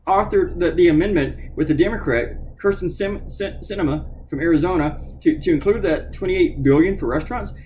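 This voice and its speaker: A man's voice: a little high, quick pace, faint music behind, low-quality recording. A middle-aged man, a cartoonist, ranting angrily and profanely while drawing on a live stream. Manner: angry, profane, animated.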